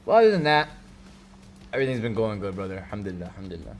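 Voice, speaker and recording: A young man hosting a stream, chatting loudly and joking in a rambling, casual way at a desk mic. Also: fairly low pitch, big pitch swings, very fast, long pauses, slight background noise. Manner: loud, joking, rambling banter. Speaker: streamer host. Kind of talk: casual chat.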